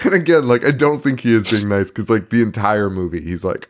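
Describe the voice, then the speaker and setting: A man's voice: on the low side, lively intonation, a little fast. A young man co-hosting a casual horror movie podcast, swearing a lot, laughing often and acting out movie lines. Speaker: podcast co-host.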